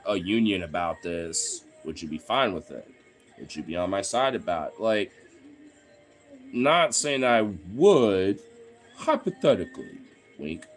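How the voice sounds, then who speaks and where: A man talking in a casual, rambling monologue, swearing often and getting heated, with lots of "you know" fillers. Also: sits low. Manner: profane, heated ranting with frequent fillers.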